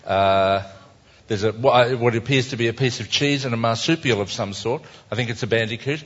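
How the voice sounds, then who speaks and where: Speaking at medium pitch and a fairly quick clip, this Australian man is a cartoonist casually talking a live crowd through his work with wry, self-deprecating chat. It's captured on a dull, lo-fi recording.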